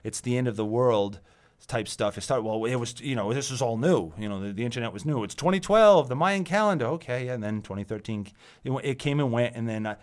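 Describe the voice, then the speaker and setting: A tired, exasperated man hosting his own channel, ranting about software and the internet, swearing often and repeating himself. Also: medium pitch, fairly quick. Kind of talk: profane tech rant monologue.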